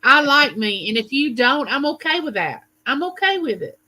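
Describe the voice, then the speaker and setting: A woman's voice: high-pitched, big pitch swings, moderate pace, pushed and bright. A woman co-hosting a casual livestream chat, mostly adding short agreeing remarks. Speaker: co-host.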